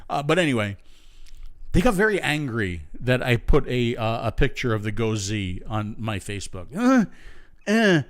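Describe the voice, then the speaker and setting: A man's voice: mid-range voice, lively intonation, moderate pace. Man, American, live-stream host, casual chat, rambling, lots of fillers and restarts. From United States. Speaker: show host.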